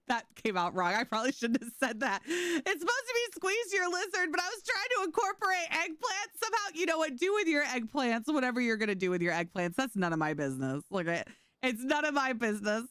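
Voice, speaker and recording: A woman's voice: high voice, animated, fairly quick, fairly bright tone, no room sound, clean studio sound. A woman streamer chatting casually with her viewers while playing, telling stories and laughing often. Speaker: game streamer. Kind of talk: casual livestream chat.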